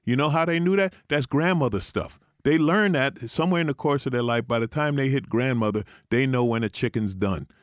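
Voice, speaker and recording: Speaking briskly with few pauses, a mid-range male voice comes through a dry, clean studio recording. He co-hosts a radio talk show as an animated comic storyteller, teasing, mocking and riffing with exaggerated tales and opinions.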